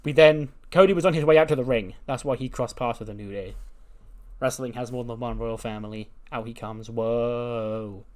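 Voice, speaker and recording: A man's voice: mid-range voice, moderate pace, a little mellow. A man casually narrating a management game, with loose fillers. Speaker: gaming YouTuber.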